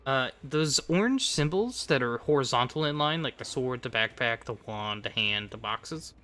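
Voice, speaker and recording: A man acting as game master, patiently walking a player through the game software step by step. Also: mid-range voice, animated, normal speed, faint music behind. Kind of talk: running a tabletop game over voice chat.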